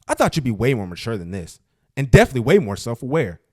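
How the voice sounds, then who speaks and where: A man putting on the voice of an offended young woman reading out a complaint, in a prim, measured manner. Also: medium pitch, very animated, voice pushed down. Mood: indignant.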